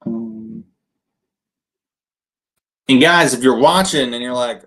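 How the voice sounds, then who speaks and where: A man casually coaching people on cold calling between phone calls, often tagging his points with a quick "right?". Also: medium pitch, a bit bright. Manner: conversational, keeps adding "right?". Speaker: real estate wholesaling coach.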